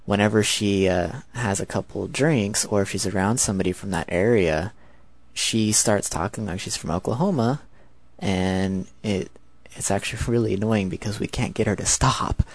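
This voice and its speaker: A 19-year-old man with an American accent and a fairly low voice, rambling on in a chatty, casual monologue. The recording is dry and close, with no room sound. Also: moderate pace, no room sound.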